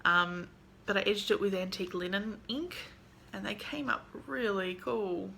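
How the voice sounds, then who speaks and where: Woman vlogger, bright and excitable, chatty haul video, a faint hiss under her voice. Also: mid-range voice, measured pace, vocal fry. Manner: gushing, excitable, chatty with many fillers. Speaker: vlogger showing a tarot deck haul. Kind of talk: casual chat.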